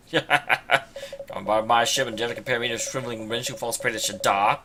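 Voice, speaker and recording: A man voicing a gruff, boastful male sky pirate captain in a video game, with swaggering, theatrical pirate talk. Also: mid-range voice, steady tone, normal speed, background noise, natural voice. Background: game music.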